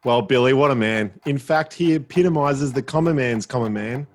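A man, co-hosting a casual sports debate podcast, eager and quick to giggle. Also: medium pitch. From Australia. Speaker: podcast co-host.

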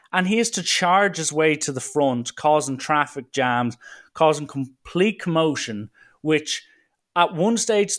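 An Irish man telling a travel story in a casual, animated rant, exasperated and mocking, with some swearing. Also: on the high side.

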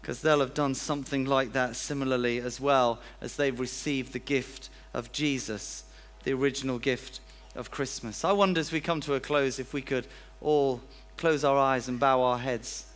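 A man's voice: mid-range voice, steady tone, moderate pace, few pauses, fairly bright tone. A man preaching a sermon in a church, chatty and self-deprecating, acting out little everyday scenes.

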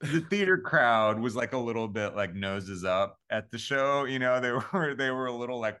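A man's voice: medium pitch, expressive, normal speed, sharp tone, clean tone. A man, a composer, telling stories in a casual interview, rambling with lots of fillers and restarts. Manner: rambling, many fillers and restarts, laughs often. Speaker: composer and podcast guest.

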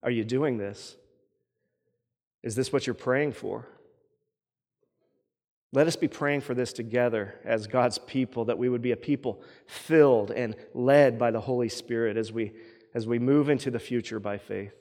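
A man preaching from the pulpit in a mid-pitched voice, earnest and steady. He often repeats a word or phrase as he builds his point. His voice rings with the long reverb of a church sanctuary. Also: normal speed. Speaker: pastor. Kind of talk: sermon.

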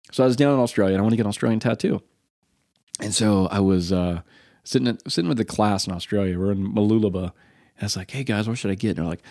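Fast, animated man telling stories. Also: lowish voice, creaky, no room sound, studio quality. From United States. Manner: animated storyteller, acts out quotes. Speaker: podcast co-host. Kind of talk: casual podcast chat.

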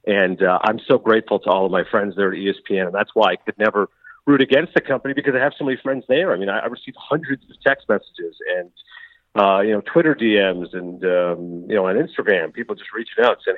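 Canadian-born guy guesting on a pod, fairly low voice, dry tinny phone sound. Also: no room sound. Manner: talks fast, acts out quoted dialogue. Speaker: guest, sports broadcaster. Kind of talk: casual interview chat.

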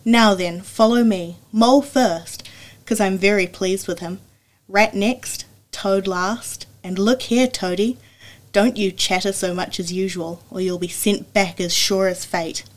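A woman voicing a gruff, stern old male badger in a storybook reading, speaking loud and commanding. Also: mid-range voice, fairly even intonation, unhurried, close to an everyday voice.

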